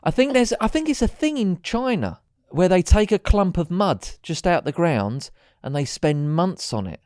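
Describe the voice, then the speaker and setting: A man's voice: sits high, very animated, moderate pace, darkish tone, no room sound, clean studio sound. A man co-hosting a podcast in chatty, rambling banter, swearing freely. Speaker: podcast co-host. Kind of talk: casual chat.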